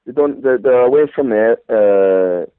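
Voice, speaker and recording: Calling a radio program, this man chats easily and tends to open with words like "listen." He has a clean, medium-pitched voice, speaks a little slowly, and the tinny phone line carries no echo.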